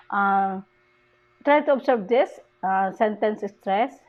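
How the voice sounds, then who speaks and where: A woman teacher with a Filipino accent, lecturing slowly and deliberately on English stress and switching into Tagalog to explain. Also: medium pitch. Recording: dull lo-fi recording.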